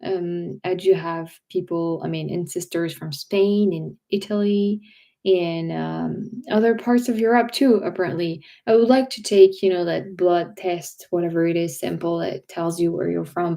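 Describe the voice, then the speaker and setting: A woman with a French accent hosts a casual livestream chat, her voice sitting a little low with a warm, dark tone. She rambles easily, trailing off, restarting and filling pauses as she goes. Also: creaky. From France. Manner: rambling, chatty, many restarts and fillers. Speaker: host. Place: home.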